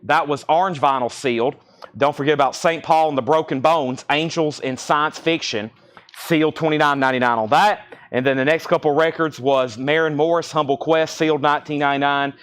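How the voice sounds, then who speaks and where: A man hosting a live record sale indoors, briskly listing titles and prices in a chatty auctioneer way, a little choked up. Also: on the high side, steady tone, fairly bright tone, clear, resonant tone. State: slightly choked, coughing. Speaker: livestream record seller. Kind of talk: live sales stream.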